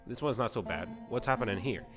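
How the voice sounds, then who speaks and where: A man voicing a sheltered young prince who talks in loud, profane, panicky slang. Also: mid-range voice, animated, quick pace, music in the background, lightly acted. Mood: freaked out.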